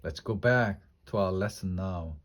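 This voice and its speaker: A man voicing a calm, gentle frontier schoolteacher woman in a storybook reading. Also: deep voice, a little slow. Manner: gentle, soothing.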